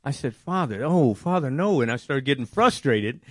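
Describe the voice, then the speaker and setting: Man, mid pitch, personal testimony, animated storytelling, voices his own quotes, dry sound. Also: normal speed, dry recording. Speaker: testimony speaker.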